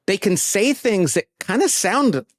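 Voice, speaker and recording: A man speaking as an interview guest, expressive and often acting out the voices of the people he quotes. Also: high voice, measured pace, no room sound, studio quality. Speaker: guest author. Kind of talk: casual interview chat.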